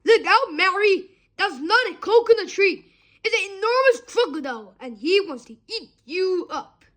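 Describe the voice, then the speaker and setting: A woman doing a shouting hero hippo, storybook style. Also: extremely high pitch, animated, moderate pace, voice pushed up. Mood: alarmed. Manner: urgent, shouted warnings. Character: big bold male hippo shouting a warning.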